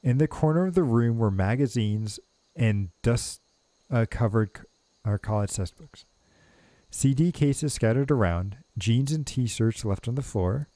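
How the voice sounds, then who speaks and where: A man's voice: mid-range voice, expressive, a little slow, warm tone, no echo. A man streaming a game, casually reading the story text aloud with asides. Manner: casual, with filler asides and restarts.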